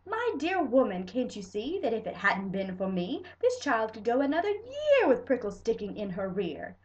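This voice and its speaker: A woman's voice: on the high side, big pitch swings, normal speed, darkish tone, lo-fi sound. Woman doing a gleeful, hearty male dentist. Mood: brisk. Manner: hearty, relishing every pull.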